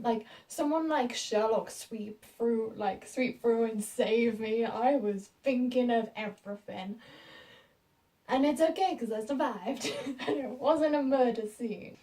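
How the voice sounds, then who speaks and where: A woman's voice: on the high side, mellow, distant mic, low-quality recording. A British young woman in her late teens, telling a story to camera in a rambling, giggly, self-mocking way. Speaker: vlogger.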